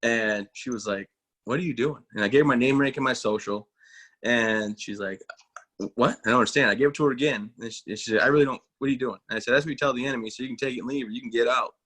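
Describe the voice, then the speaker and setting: A man's voice: mid-range voice, steady tone, fast talker, sharp tone. A man in his thirties, an army veteran, telling stories in a casual interview, folksy and self-mocking, acting out quoted voices. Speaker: guest, army veteran and motivational speaker.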